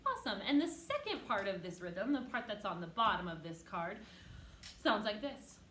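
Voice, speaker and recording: A woman teaching an online music lesson to young children, patient and encouraging, who chants rhythm syllables loudly for the kids to copy. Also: mid-range voice, big pitch swings, moderate pace, reverberant, a little hiss or hum.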